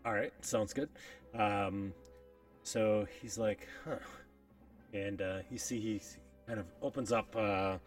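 A man narrating a tabletop game as game master, talking casually with many fillers and pauses. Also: lowish voice, steady tone. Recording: distant mic, dry with faint music.

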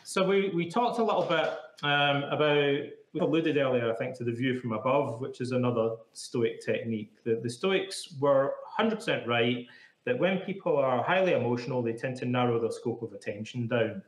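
A man's voice: medium pitch, normal speed. A man being interviewed as a psychotherapist, explaining things in a chatty, casual way full of "like" fillers. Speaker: psychotherapist guest. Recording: echoey room.

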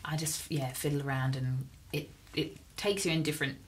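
An Australian woman chatting casually as a musician guest in a studio, easygoing and quick to laugh. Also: low voice, slight background noise. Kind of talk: casual chat. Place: recording studio.

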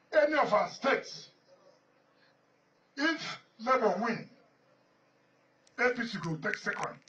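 A man with a Nigerian accent speaks high in his register, pressing his points with repetition as he rambles through a public speech. He sounds set back from the microphone, and the recording is dull and muffled, with a light hiss underneath. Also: pushed and bright, far from the mic. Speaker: politician addressing a gathering.

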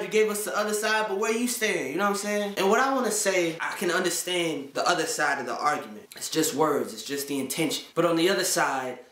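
A man's voice: sits high, fairly bright tone. A man hosting a Christian video channel, talking casually to his viewers in slang and often checking in with "right?". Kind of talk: casual talk to camera. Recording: echoey room.

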